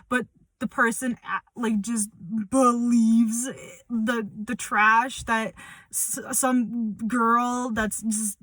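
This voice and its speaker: A woman's voice: a little high, level tone, a little slow, fairly bright tone, dry recording. A young woman speaking bluntly and confrontationally in a personal update vlog, swearing as she calls someone out. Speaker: vlogger.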